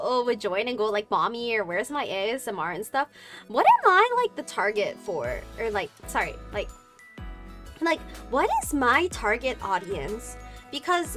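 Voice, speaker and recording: A young woman chats with her stream viewers in a fairly high voice that swings up and down expressively. She rambles with plenty of "like" fillers and giggles, and a touch of vocal fry creeps into her lower notes. Soft music plays faintly underneath. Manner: chatty and rambling, many "like" fillers, frequent giggles. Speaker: VTuber streamer. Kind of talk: casual chat reading viewer comments.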